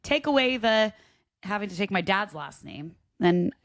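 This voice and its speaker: A woman co-hosting a podcast, reacting quickly and joking with her partner. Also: mid-range voice, lively intonation, no echo, studio quality. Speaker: podcast co-host. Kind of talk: casual chat.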